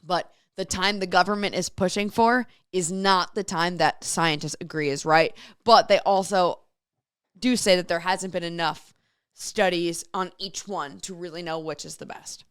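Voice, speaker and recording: A woman's voice: lowish voice, steady tone, moderate pace, smooth, dry recording, clean studio sound. A woman hosting a radio show solo, telling a story in a chatty way and reading listener messages aloud. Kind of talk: casual solo radio chat.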